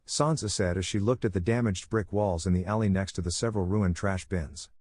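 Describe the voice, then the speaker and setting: A man narrating a scripted fan-fiction story in a steady, even storytelling manner. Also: deep voice, brisk, hardly any pauses, husky, no echo.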